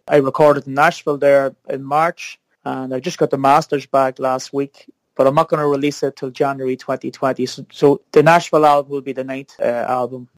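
A man talks about his records in a relaxed, rambling way, often restarting his sentences. His voice sits somewhat high for a man, and the recording is dry and close. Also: no room sound. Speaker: musician guest. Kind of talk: casual interview chat.

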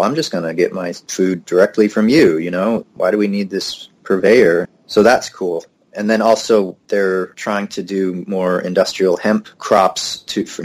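A young man with a very deep voice chats as an interview guest. He tells stories in a loose, easygoing way, often breaking into a laugh. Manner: relaxed storyteller, laughs easily. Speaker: musician guest. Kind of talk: casual interview conversation.

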